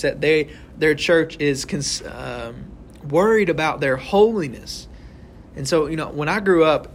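A man's voice: a little high, a bit bright, slight background noise. A man leading an interactive Bible study, talking conversationally, often tagging his points with "right?" and acting out little scenes. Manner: conversational, asks the group questions; tags sentences with "right?".

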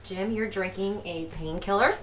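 A woman's voice: mid-range voice, moderate pace, fairly bright tone, slight background noise. A woman in casual chat as the guest who mixed the drinks, easygoing and a bit sheepish. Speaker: guest bartender. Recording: roomy echo.

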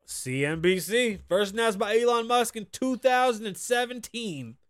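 Loud high-voiced American podcast host. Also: male voice, normal speed, clear, resonant tone. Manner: profane, loud and excitable, riffing on headlines. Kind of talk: casual news commentary. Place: podcast studio.

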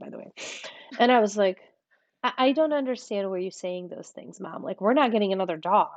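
A woman guest speaking candidly in an interview, telling her story in a frank, animated way and acting out what other people said. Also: a little fast, dry recording. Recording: muffled low-fidelity audio.

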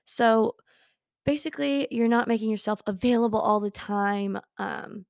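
A woman's voice: on the high side, moderate pace, creaky, darkish tone, no echo, clean studio sound. A young woman hosting a casual talk show, chatty and bubbly, giggling often as she reads from a book. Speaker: podcast host. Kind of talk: casual chat with book readings.

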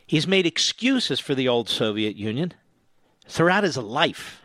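A man's voice: medium pitch, big pitch swings, unhurried, fairly bright tone, no echo. A man hosting a talk radio show, delivering a sarcastic, mocking and combative opinion monologue into a studio microphone. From US East Coast.

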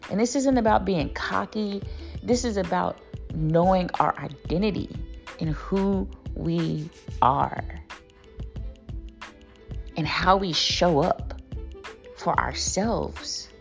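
A woman's voice: lowish voice, vocal fry. A woman host reciting a list of bold self-affirmations, then encouraging listeners in casual, emphatic talk.

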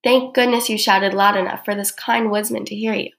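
A woman's voice: mid-range voice, fairly even intonation, fairly quick, vocal fry, a bit bright, roomy sound. A woman voicing a kindly old grandmother who fusses over her granddaughter. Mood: fond.

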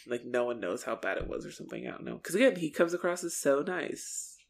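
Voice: mid-range voice, expressive, a little fast, creaky, over a noisy crowd. A podcast co-host in casual chat who laughs often and acts out lines from an episode.

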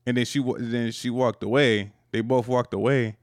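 A man's voice: medium pitch, fairly quick, dry recording, studio quality. A young man co-hosting a podcast in casual chat, telling stories with lots of slang and frequent laughter. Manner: animated storyteller, laughs often, slangy. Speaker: podcast co-host.

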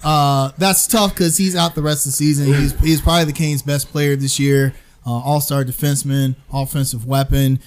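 A man co-hosting a casual sports talk show, opinionated and chatty with quick asides. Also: medium pitch, steady tone, a little hiss or hum. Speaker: podcast co-host.

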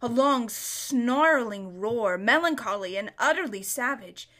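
A woman reading a storybook aloud in a steady, measured way, with the odd small slip. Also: on the high side. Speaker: narrator.

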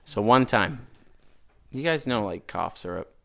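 Gravelly-voiced young man telling a story. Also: fairly low pitch, measured pace, noisy background. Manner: rambling, animated, gets loud when telling the punchline. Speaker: podcast host telling a story. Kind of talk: casual storytelling over beers. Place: garage.

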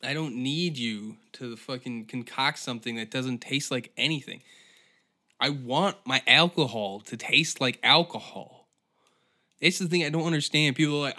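A man's voice: on the high side, expressive, unhurried, sharp tone. A man hosting a comedy podcast, ranting in an exasperated, profane monologue. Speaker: podcast host.

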